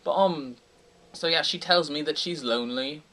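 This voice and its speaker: A man telling a rambling, absurd comic story in a deadpan way, breaking now and then into sudden high outbursts. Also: moderate pace, far from the mic. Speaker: comedic storyteller. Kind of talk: absurd rambling comedy monologue.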